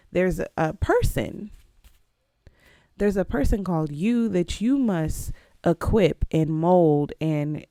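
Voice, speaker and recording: A young adult woman talks through her solo podcast in a lowish, gravelly voice with a mellow tone. She is casual and emphatic, and often leaps up in pitch to stress a point. The sound is dry and close. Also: dry recording. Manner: emphatic and conversational, with sudden jumps up in pitch. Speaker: podcast host.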